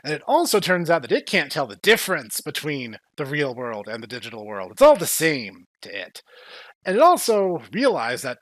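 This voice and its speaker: A man's voice: on the high side, normal speed, dry recording. A man hosting a casual podcast who jokes around and acts out scenes as he recaps. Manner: animated, joking, acts out scenes. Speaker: podcast host.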